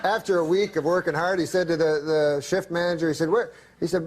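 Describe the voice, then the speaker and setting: A male comedian on a talk show, telling a long deadpan story in halting phrases full of uhs and restarts, chuckling as he goes. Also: high-pitched. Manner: halting, with many uhs and restarts, chuckling through his stories. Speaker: comedian guest. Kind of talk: rambling deadpan anecdote.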